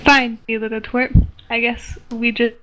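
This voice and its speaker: A woman reading a cruel male captor, flat and unacted. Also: on the high side, a little slow, a little hiss or hum. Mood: taunting. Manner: read flatly off the page.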